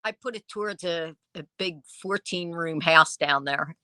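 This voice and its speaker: A woman dealer tells her stories in a casual interview, jumping into quoted voices as she goes. Her tone is bright and cutting, a touch lower than most women. The sound is dry and close, with no room around it. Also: unhurried, dry recording. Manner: lively storyteller who acts out quoted dialogue. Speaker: vintage dealer and online seller.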